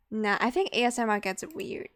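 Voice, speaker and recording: A woman's voice: fairly high pitch, a bit bright. A woman streamer chatting casually and playfully with her viewers, giggling often. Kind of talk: casual live-stream chat.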